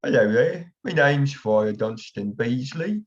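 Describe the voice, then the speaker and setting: A man's voice: mid-range voice, expressive, takes it slowly. A man voicing an odd, twitchy male friar who speaks in a mock-formal, old-fashioned way, heard through a dull lo-fi recording. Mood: rambling genial. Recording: dull lo-fi sound.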